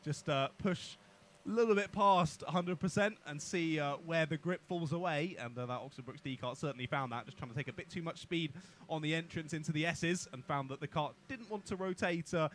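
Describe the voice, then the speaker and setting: A man co-commentates on a kart race in a higher voice, talking fast and chattily. He breaks down driving technique from a trackside commentary box. Faint ambient noise sits behind him. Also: a bit bright. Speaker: karting co-commentator.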